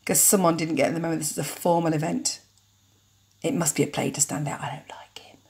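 A woman's voice: low voice, level tone, fast, gravelly, darkish tone. A young woman reading a story game aloud as she plays, chatty with jokey asides between the lines. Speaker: let's-play narrator. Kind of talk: casual game narration with commentary.

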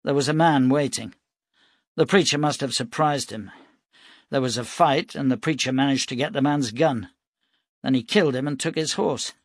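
Easygoing militia captain, read by a man, measured and dry. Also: medium pitch, dry recording, voice pushed up, close to an everyday voice. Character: tall, easygoing middle-aged male militia captain.

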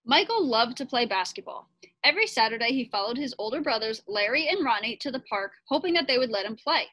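A woman teacher reading a picture book aloud to children in a friendly, expressive way. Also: on the high side, fast talker, dry recording.

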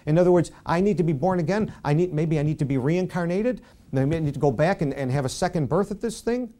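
A man preaching a Bible-study sermon as pastor, conversational and self-deprecating, softly acting out quoted speech. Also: fairly high pitch, fast.

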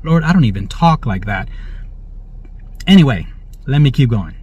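This mid-range male voice is expressive, a little mellow, and slightly rough, moving at a moderate pace. As host of a prophetic religious commentary, he reads news aloud with jubilant interjections of praise and constant "all right?" check-ins. The sound is dull, dry lo-fi.

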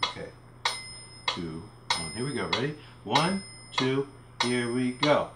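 A man's voice: medium pitch, animated, slow, reverberant, heavy background noise. A man teaching a recorded music literacy lesson from home, explaining symbols and chanting rhythm syllables as he counts. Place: home room.

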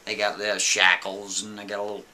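A man telling a story in a casual, chatty way, with animated asides. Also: on the low side, a little fast, slight background noise.

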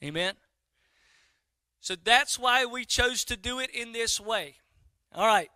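A man's voice: very high-pitched, slow pace, clean tone, no room sound. A middle-aged man, a pastor preaching a sermon and telling a story to his congregation. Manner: animated storytelling, talks to the congregation directly.

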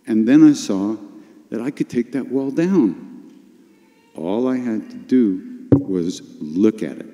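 An older man talks slowly and low, in a dark, mellow voice that carries a long reverb from the hall around him. He tells his story in a confessional, emotional way and now and then breaks into sudden animated bursts. It sounds like a teacher speaking to a retreat audience. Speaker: spiritual teacher at a retreat workshop. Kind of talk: storytelling talk.

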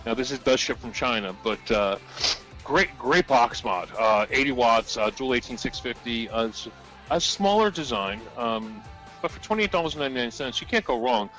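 A man's voice: mid-range voice, animated, normal speed, soft background music. Joking man hosting a live deal show. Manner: loose, joking, laughs often, bursts into loud outbursts. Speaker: co-host presenting deals. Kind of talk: casual live-stream chat.

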